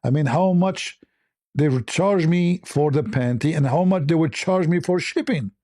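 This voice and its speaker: A man's voice: on the high side, moderate pace, mellow, no room sound, clean studio sound. A man hosting a casual livestream chat, mocking and provocative, stretching words for emphasis. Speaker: livestream host.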